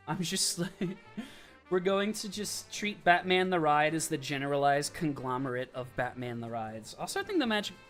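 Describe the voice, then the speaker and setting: A young man hosting a casual livestream, chatting and giving quick verdicts with asides and laughs. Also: on the high side, animated, a bit bright, soft background music. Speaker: livestream host. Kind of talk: casual live-stream commentary.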